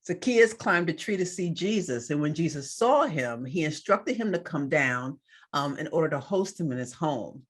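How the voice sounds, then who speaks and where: A woman's voice: deep voice, expressive, normal speed, breathy edge. A woman co-hosting a faith podcast, chatting casually as she recaps a church celebration and a sermon, with fillers and asides. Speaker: podcast co-host.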